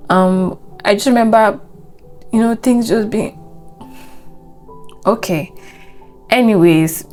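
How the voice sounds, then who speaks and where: Young nigerian woman rambling thru a life update, lowish voice, lots of you know, faint music behind. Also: a little mellow. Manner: earnest and reflective, speaking of faith. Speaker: vlogger. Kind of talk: casual life update monologue.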